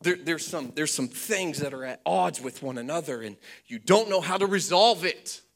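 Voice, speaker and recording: A man preaching a sermon to a congregation, moving between loud fervent preaching and hushed storytelling, with playful asides. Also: on the high side, lively intonation, normal speed, creaky. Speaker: pastor. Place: church before a congregation.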